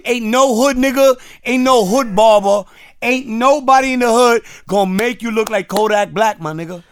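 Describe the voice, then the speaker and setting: A man hosting a casual show, ranting loudly with heavy slang and swearing. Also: very high voice, normal speed, a little hiss or hum. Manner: loud, animated, swearing, street slang. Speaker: host. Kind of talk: casual profane rant.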